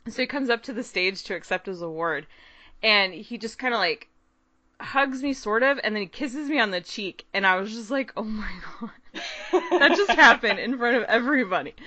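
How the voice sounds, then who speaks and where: A woman co-hosting a podcast, telling a long, excited story in casual chat, rambling and laughing often. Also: a little high, brisk, dry recording. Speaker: podcast co-host.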